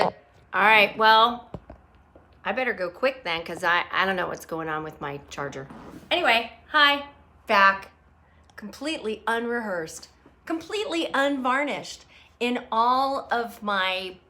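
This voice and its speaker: Slow, bright-voiced woman livestreaming. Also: fairly high pitch. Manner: rambling, greets viewers by name. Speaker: livestream host. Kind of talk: unscripted live chat. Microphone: phone.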